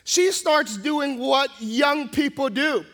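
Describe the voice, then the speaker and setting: Pastor, male, delivering a lively sermon story; voice sits unusually high. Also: slow. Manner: animated storytelling, acting out the scenes.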